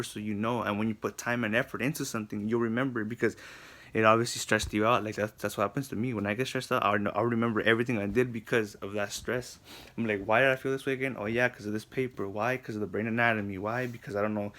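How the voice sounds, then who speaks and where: A young man, a psychology student, giving a casual video response, ranting with frustration and filling his talk with "like". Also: lowish voice. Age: young adult. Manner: animated, frustrated ranting with lots of "like".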